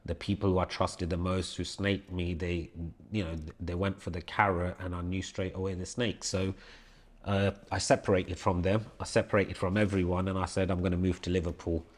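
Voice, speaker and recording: A low-voiced man tells a story on a podcast in a loose, conversational way. He speaks bluntly and swears freely, pressing each point home by repeating it. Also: little pitch movement, fairly quick. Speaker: podcast co-host. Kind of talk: casual storytelling chat.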